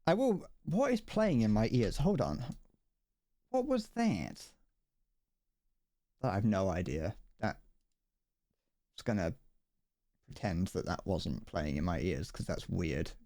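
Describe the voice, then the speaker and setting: A man's voice: sits low, big pitch swings, slow pace, long pauses, dark tone, dry recording. A British man streaming a video game, chatting casually and rambling with jokes. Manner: joking and rambling. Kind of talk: casual live-stream chat.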